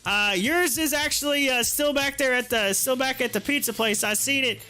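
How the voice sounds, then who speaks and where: Brief: man voicing a plain-spoken delivery guy, high bright tone. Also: normal speed, soft background music. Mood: matter-of-fact. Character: puzzled male pizza delivery driver.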